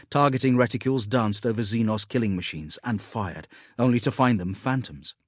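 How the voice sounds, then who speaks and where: A man reading a science-fiction audiobook in a measured, even storytelling manner, with a husky voice. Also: medium pitch, dry recording, studio quality. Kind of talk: scripted audiobook narration.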